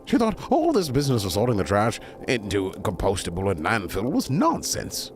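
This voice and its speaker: Male bedtime storyteller, chatty with digressions, very animated delivery over music. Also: lowish voice, normal speed.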